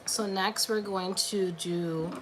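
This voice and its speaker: A woman's voice: medium pitch, steady tone, takes it slowly, slight background noise. A woman giving a casual, encouraging tarot reading on a livestream, chatty and full of filler "like"s. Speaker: tarot card reader.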